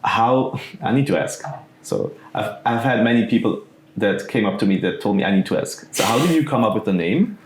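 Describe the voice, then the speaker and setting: Host guy, lowish voice, echoey room with a bit of hiss, chill and encouraging. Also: animated. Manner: upbeat, quick affirmations, loose phrasing. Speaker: podcast host. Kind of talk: casual interview. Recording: echoey room with faint noise.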